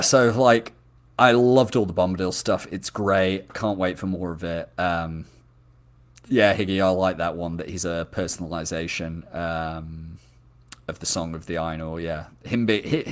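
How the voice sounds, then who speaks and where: A man hosting a live discussion show, chatting enthusiastically and reading out viewer comments, with frequent ums and restarts. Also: sits low. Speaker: show host.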